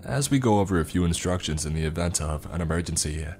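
A man's voice: low-pitched, expressive, moderate pace, soft background music. A man voicing an overly chipper female flight attendant who makes announcements in a sing-song way.

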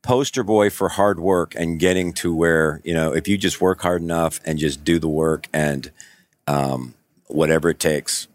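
A man's voice: rumbling low, fairly even intonation, normal speed. A man hosting a podcast in casual, joking chat, laughing often. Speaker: podcast host.

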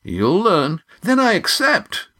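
A proud, gruff painter with a dignified, hearty manner, played by a male reader. He speaks a touch higher than the reader's own voice. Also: huge pitch swings, takes it slowly, sharp tone, heavily acted.

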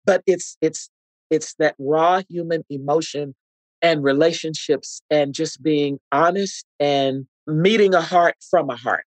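Guesting on a podcast interview, a middle-aged actress shares earnest, heartfelt stories and performs the quotes of the people in them. She speaks a little slowly in a low, slightly mellow voice. There's no echo, but the audio quality is poor.

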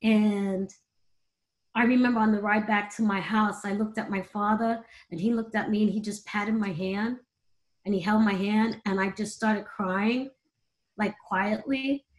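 A woman's voice: mid-range voice, fairly even intonation, unhurried, poor audio. A middle-aged woman, a performer, telling emotional personal stories in a candid, conversational interview. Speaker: guest, performer.

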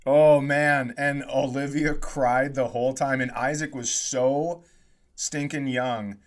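Comedian guy on a podcast telling a travel story, acts out the voices, laughs a lot, mid-pitched. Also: slow. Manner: animated storyteller, acts out quotes, laughs often. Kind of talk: casual storytelling chat.

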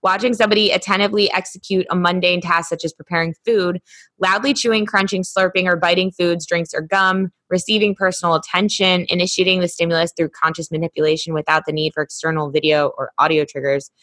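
Brief woman podcast co-host, lowish pitch, rambling chatty storyteller on a call mic. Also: fairly even intonation, fast, fairly bright tone. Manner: chatty storyteller, many fillers. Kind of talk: casual chat. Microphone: remote call microphone.

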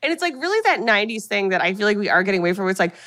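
A woman's voice: mid-range voice, no room sound, studio quality. Chatty woman animatedly recapping a film. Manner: animated retelling, voicing characters in quick asides. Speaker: podcast co-host recapping a film. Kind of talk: casual chat.

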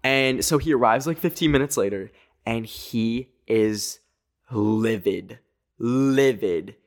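A man in his twenties telling a story in a casual, rambling way, full of filler words, with animated pitch jumps. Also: slow. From Canada. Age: 20s.

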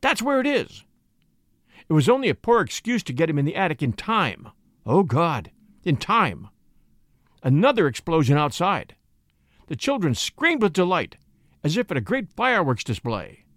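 A man reading a story aloud as narrator, with dramatic, expressive delivery. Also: a little high, moderate pace, no room sound, studio quality. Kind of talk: audiobook reading.

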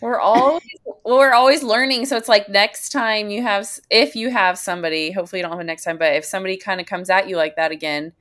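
A woman co-hosting a casual chat, giving gentle, encouraging advice. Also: mid-range voice, fast talker. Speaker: podcast co-host.

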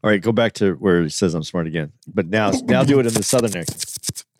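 A man co-hosting a podcast, chiming in with quick, amused reactions during casual banter. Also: lowish voice, animated, a little hiss or hum.

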